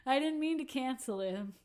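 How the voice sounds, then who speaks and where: A woman musician hosts a casual livestream, chatting with viewers in a self-deprecating way and laughing often. Her voice is high-pitched with a darkish tone, picked up by a computer or phone mic.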